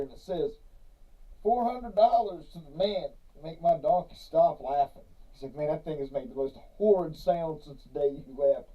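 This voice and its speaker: A man spins a long joke in a relaxed podcast chat, chuckling as he goes. His voice sits a little high. He sounds set back from the mic, and the recording is dull and lo-fi. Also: far from the mic. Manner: laid-back storyteller, chuckles between lines. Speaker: podcast co-host. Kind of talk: casual chat, telling a joke.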